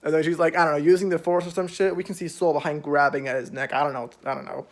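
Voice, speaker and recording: A man's voice: a little high, fairly even intonation, quick pace. A young man casually recapping a show's episodes, rambling with lots of fillers and freely swearing. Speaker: show reviewer.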